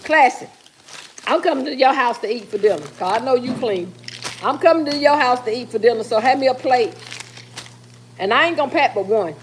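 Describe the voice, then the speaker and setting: Casual kitchen livestream: a woman host with a somewhat high voice chats and teases viewers while she cooks. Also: lively intonation, fairly quick, slight background noise. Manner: chatty, teasing, reads viewer comments aloud. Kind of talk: casual chat with live viewers. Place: home kitchen while cooking.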